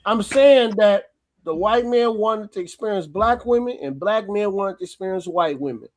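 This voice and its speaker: A man calling into a heated panel show, insistent and quick to cut in. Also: high-pitched, lively intonation, a little mellow. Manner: insistent, keeps interrupting. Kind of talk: heated call-in panel talk.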